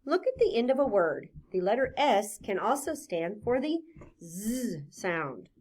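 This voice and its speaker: A woman teaching a phonics lesson to young children, patient and clear, sounding out each letter sound deliberately. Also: mid-range voice, sing-song, darkish tone.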